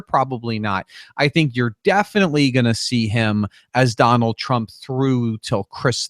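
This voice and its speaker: A man's voice: medium pitch, dry recording, studio quality. A man co-hosting a podcast, thinking aloud in casual, analytical chat with frequent restarts. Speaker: podcast co-host.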